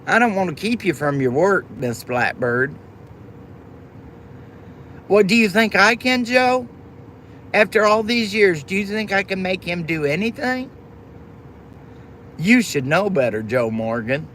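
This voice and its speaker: A woman's voice: mid-range voice, expressive, measured pace, long pauses, fairly bright tone, a little hiss or hum. A woman hosting a livestream, chatting affectionately with viewers by name and pet names. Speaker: livestream host. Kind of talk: casual chat with viewers.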